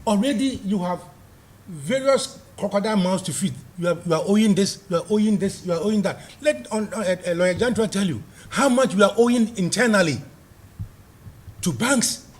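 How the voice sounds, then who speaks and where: A man's voice: sits high, normal speed. An angry man with a Ghanaian accent, a guest delivering heated political commentary and repeating points for emphasis.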